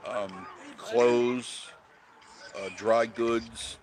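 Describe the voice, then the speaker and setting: A man's voice: mid-range voice, fairly even intonation, extremely slow, a crowd in the background. A man hosting an unscripted live stream, talking bluntly and chattily and greeting viewers by name as he goes.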